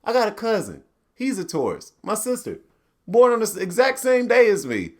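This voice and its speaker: A man hosting a podcast, ranting casually in a profane, animated way and slipping into mock quotes. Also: high voice, moderate pace. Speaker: podcast host. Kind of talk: solo ranting commentary.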